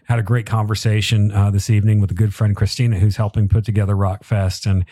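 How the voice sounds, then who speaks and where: A man's voice: fairly low pitch, flat delivery, fast talker, warm tone, no echo. A man hosting a livestream interview, chatty and self-deprecating as he reads out viewer comments. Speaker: livestream host.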